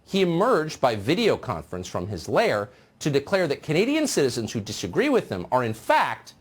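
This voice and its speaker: A man hosting a television news show, delivering a sarcastic, mocking opinion monologue in a husky voice. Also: medium pitch, wildly swooping pitch, normal speed.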